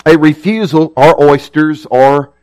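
A man with a notably high-pitched voice preaches a sermon. His delivery is measured and earnest, the steady manner of a teacher explaining scripture to a congregation. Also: clean tone, poor audio.

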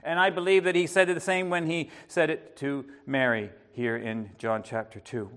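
An earnest man preaching an evening sermon, his voice sitting a little high for a man. He talks in a halting way, restarting phrases and dropping softly into asides before rising again. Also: fairly even intonation.

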